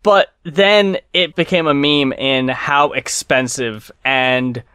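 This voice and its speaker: A man hosting a podcast in casual chat, measured and opinionated, with a dry delivery. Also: mid-range voice, fairly even intonation, sharp tone, clean tone, dry recording. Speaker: podcast host.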